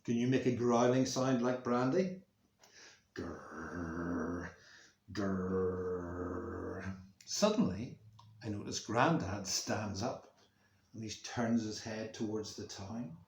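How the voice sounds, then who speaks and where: A male music teacher reading a story to schoolchildren, acting out the sounds with expression, recorded in a room at home. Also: medium pitch. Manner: slow, expressive, making sound effects for kids. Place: room at home near a main road, window open. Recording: roomy echo.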